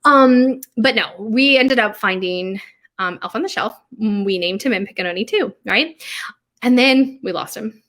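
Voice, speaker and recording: Bright slightly high woman in her 30s, rambly casual chat, laughs a lot, goes quiet sometimes. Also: expressive, measured pace. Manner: chatty, laughing, rambling asides; talking quietly at times. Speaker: vlogger and bakery owner.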